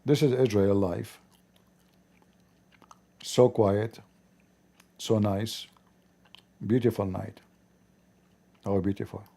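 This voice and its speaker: Gravelly sarcastic man. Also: lowish voice, steady tone, slow pace, long pauses, warm tone. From Arab world. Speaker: host reacting to news clips. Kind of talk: mocking live commentary.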